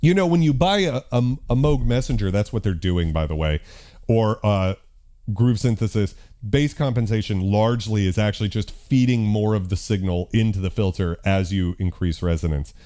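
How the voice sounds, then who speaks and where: A male host demonstrating synthesizers on a live stream. His voice is dark and mellow. He thinks aloud with a loose, profane, self-mocking manner. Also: lowish voice, lively intonation, moderate pace. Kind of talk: casual live-stream demo.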